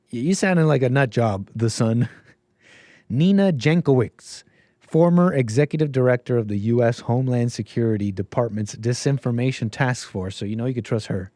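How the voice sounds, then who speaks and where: A man's voice: mid-range voice, moderate pace, mellow, dry recording, studio quality. A man hosting a solo commentary livestream, sarcastic and mocking, often laughing at what he reads. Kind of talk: solo political commentary stream.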